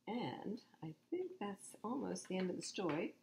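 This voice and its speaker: A woman's voice: mid-range voice, very animated, normal speed, creaky, a little mellow, slight background noise. A woman reading picture books aloud to children at storytime, expressively and with asides to the listeners. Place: public library.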